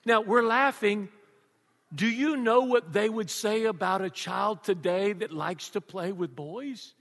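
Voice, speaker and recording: An older man preaching a sermon to a congregation, animated and joking, laughing often. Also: high-pitched, measured pace. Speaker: pastor. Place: church before a congregation. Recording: long reverb of a large church.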